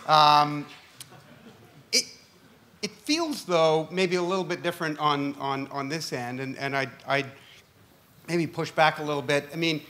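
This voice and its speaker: Male conference moderator, a touch high, long wordy questions, lots of ums. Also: unhurried, pauses often, bright, forceful tone. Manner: long hesitant questions full of fillers, jokey. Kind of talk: onstage conference Q&A.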